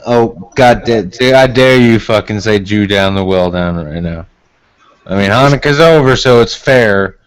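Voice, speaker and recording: A man's voice: fairly low pitch, a little slow, smooth, no echo. A man in casual voice chat, joking, swearing and needling the others. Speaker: voice chat participant.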